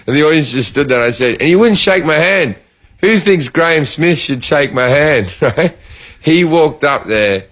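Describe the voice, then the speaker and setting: A man's voice: fairly high pitch, normal speed. An Australian man, a comedian, telling a profane story in casual podcast chat and acting out the lines of the people in it. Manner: profane, animated, acts out quoted lines.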